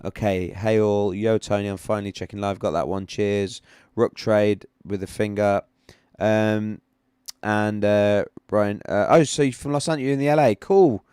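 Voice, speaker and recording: A man's voice: lowish voice, steady tone, moderate pace, darkish tone, clear, resonant tone, no echo, clean studio sound. A man hosting a casual livestream, chatting about charts in a rambling way that repeats itself. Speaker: livestream host. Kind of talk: casual live-stream chat with chart analysis.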